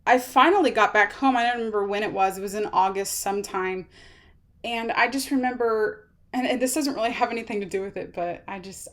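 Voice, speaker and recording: A woman in her thirties telling her own illness story to camera, rambling and halting with many fillers and restarts. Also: mid-range voice. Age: 30s.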